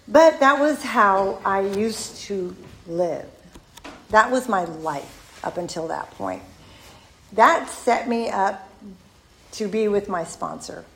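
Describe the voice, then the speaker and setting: A woman's voice: medium pitch, a little hiss or hum, rough recording. A woman in her sixties giving a candid, self-deprecating personal testimony at a recovery meeting. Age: 60s. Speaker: member sharing at a recovery meeting.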